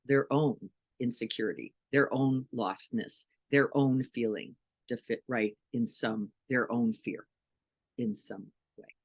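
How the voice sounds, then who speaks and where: A woman's voice: very deep voice, takes it slowly, a little mellow. A middle-aged woman meditation teacher giving an earnest dharma talk, full of rhetorical questions to her listeners.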